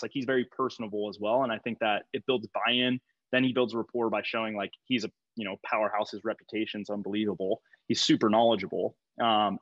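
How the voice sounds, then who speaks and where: A man's voice: on the low side, a bit bright, no room sound. Chatty young man, dry dull recording. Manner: rambling, many fillers, laughs easily. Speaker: strength coach, guest. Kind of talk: casual podcast conversation.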